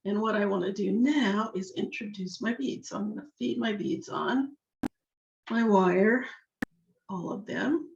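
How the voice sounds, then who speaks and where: Slow, slightly hoarse woman teaching jewelry. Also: medium pitch, a little mellow. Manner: chatty, talks to herself while working. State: slightly hoarse, losing her voice. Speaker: jewelry-making instructor. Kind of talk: step-by-step craft demonstration. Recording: echoey room, dull lo-fi sound.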